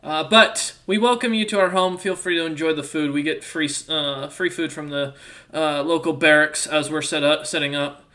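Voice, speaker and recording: Male game master narrating a tabletop game, bright tone, rambling and self-correcting. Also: on the high side, steady tone, normal speed.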